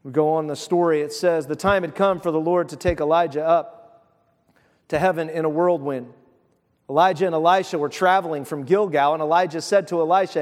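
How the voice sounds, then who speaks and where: A man's voice: a little high, fairly even intonation, fairly quick, in a large hall. A man preaching a sermon, retelling scripture in a casual, conversational way with voiced asides. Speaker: pastor.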